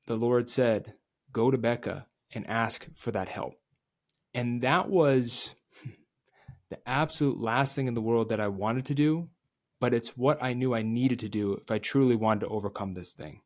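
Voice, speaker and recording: A man as a podcast guest, telling a candid, confessional story and dropping quiet and low at the emotional moments. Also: unhurried, long pauses.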